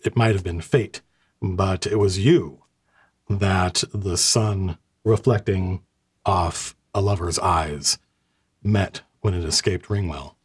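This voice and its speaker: A man's voice: low voice, takes it slowly, husky, no room sound, studio quality, full character voice. A man voicing an old, civilized male orc who leads a resistance and speaks in a formal, courteous way. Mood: solemn.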